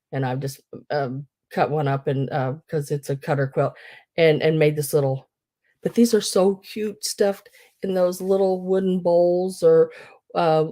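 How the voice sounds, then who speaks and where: A woman's voice: sits low, dark tone. A woman hosting a live online sale, telling rambling, chatty stories full of fillers. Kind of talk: casual live-sale chat.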